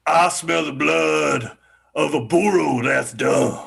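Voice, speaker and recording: A man voicing a huge, grumpy male giant in an improvised comedy scene, booming, slow and menacing. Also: gravelly, fairly bright tone, husky, full character voice.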